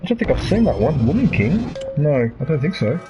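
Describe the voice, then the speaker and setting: A man's voice: a little high, sing-song, brisk, warm tone, muffled recording, soft background music. A man streaming a game and giving casual commentary. He gets worked up and rants, often restarting and repeating his words. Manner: worked up, ranting, repeats himself. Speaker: gaming streamer. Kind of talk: casual ranting commentary over gameplay.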